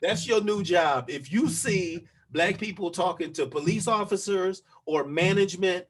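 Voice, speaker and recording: A husky, slightly raised voice carries this man's casual podcast storytelling. He is profane and animated, slipping into the voices of the people in his story as he recounts it. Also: sits high, normal speed. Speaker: podcast co-host.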